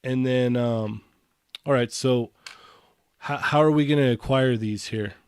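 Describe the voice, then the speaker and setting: A man's voice: mid-range voice, measured pace, clear, resonant tone, no echo, clean studio sound. A man hosting a live stream and chatting casually while running a giveaway. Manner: lively, runs the giveaway. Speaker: podcast host.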